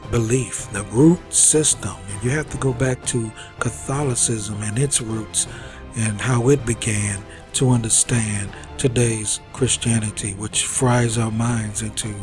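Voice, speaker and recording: Slow, lecturing man over music. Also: on the low side. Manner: deliberate, lecturing, halting with fillers. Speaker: commentary host. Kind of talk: religious-history commentary. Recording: over loud background music.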